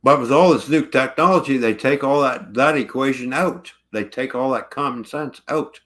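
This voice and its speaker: A man's voice: medium pitch, moderate pace, hardly any pauses, a bit bright. A truck driver ranting angrily about his truck, swearing constantly in casual livestream talk.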